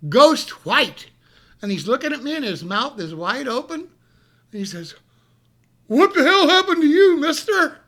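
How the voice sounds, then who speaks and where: Gravelly high-voiced man telling a story. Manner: animated, swears freely, laughs while telling. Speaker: live stream host telling a story. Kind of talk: casual storytelling.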